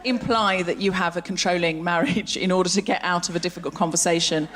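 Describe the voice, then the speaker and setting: A woman hosting a live comedy podcast on stage, reacting quickly and teasing her guest in a dry way. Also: on the low side, background noise. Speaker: podcast host.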